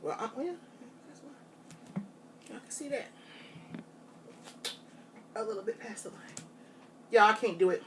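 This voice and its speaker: A woman chatting straight to her viewers in a casual challenge vlog, animated and drawling. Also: on the high side, measured pace, long pauses, distant mic. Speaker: vlogger. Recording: faint noise, voice off from mic.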